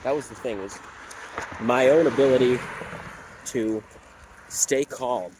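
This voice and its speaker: A man's voice: medium pitch, slow, background noise. Chatty man explaining dog behavior. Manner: conversational, many fillers and tag questions. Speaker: dog trainer. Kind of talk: casual talking-head explainer.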